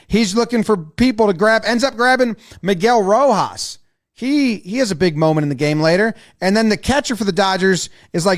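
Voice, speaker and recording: A man giving a casual, excitable, profane breakdown of a baseball game, acting out what the players say. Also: high voice, a little fast. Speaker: sports video commentator.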